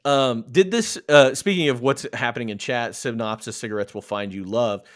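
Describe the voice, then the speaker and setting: A man in his thirties hosting a casual movie review chat, relaxed, laughing often and steering with questions. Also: medium pitch, moderate pace. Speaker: podcast host.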